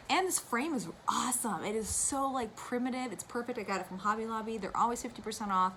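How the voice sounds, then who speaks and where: A woman's voice: fairly high pitch, fast, hardly any pauses, fairly bright tone, slight background noise, poor audio. A young woman chatting casually to camera about her cross-stitch, gushing and wandering into asides. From United States.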